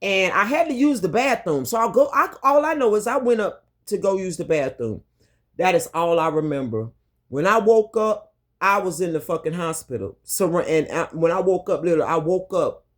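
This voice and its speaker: A woman's voice: fairly low pitch, animated, moderate pace. A woman vlogger telling a personal story to her viewers, candid and emphatic, swearing freely and repeating herself for emphasis. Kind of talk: storytime monologue to camera.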